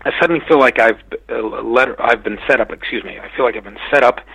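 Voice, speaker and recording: A man slowly and hesitantly recounting a dream, full of restarts and fillers. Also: mid-range voice, vocal fry, a bit bright, breathy edge, low-quality recording. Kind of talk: casual spoken recounting.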